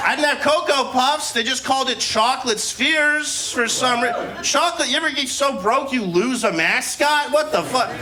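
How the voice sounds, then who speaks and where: High, bright-voiced young comic. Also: male voice. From Newark, New Jersey. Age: 20s. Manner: loose, laughing, profane, playful. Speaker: stand-up comedian. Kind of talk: stand-up set. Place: live comedy venue.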